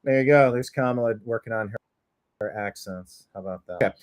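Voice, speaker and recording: A man's voice: medium pitch, a little fast, slight background noise. A man hosting a talk show, putting wry questions to his co-host. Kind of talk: casual political talk show chat.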